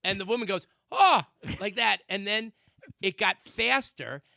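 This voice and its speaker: A man co-hosting a talk radio show, telling a comic story with sound effects and shouted quotes. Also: high-pitched, normal speed, creaky, no room sound, studio quality. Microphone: studio microphone.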